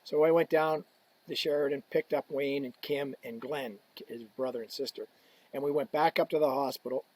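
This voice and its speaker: A man talking as a podcast guest, telling stories in a casual, animated way and acting out the people he quotes. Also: mid-range voice, moderate pace, husky, dry recording, rough recording. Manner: animated storyteller, acts out quoted voices. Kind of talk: casual storytelling.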